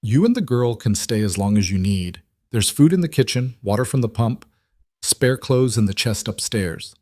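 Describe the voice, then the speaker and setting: A man reading a story voices a quiet, steady frontier rancher who speaks flatly and calmly in few words. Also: mid-range voice, moderate pace, no room sound, studio quality, natural voice. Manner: flat, calm, few words.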